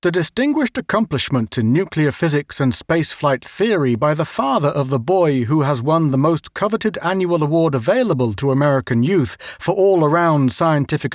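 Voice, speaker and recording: A male narrator reads a story in a measured, even way. His voice sits somewhat high for a man. The recording is dry and close, with no room around it. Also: no echo. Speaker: audiobook narrator. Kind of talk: scripted narration.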